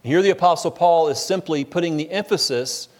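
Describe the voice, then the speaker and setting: A man's voice: fairly high pitch, a little fast. A man, the pastor, preaching an expository sermon in a conversational, emphatic way, often restarting his phrases.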